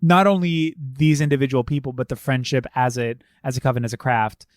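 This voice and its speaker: Male podcast co-host, mid pitch, animated and profane, dry close recording. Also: fairly quick, dry recording. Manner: animated, swearing, acts out film lines. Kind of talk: casual film discussion.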